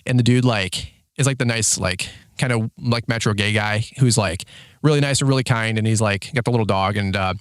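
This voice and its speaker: A man in his thirties who owns a lawn care business, telling a rambling story in a casual vlog, full of "like" and "dude", acting out shouted quotes in a higher voice. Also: brisk, smooth, no room sound, studio quality. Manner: heavy use of filler words like "like" and "dude".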